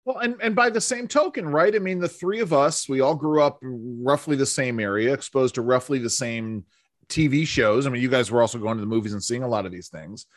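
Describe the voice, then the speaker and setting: A man's voice: mid-range voice, a little fast, no room sound, clean studio sound. A man from the Bronx hosting an interview, reacting enthusiastically and often apologizing for cutting in. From the Bronx, New York. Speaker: podcast host. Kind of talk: casual interview chat.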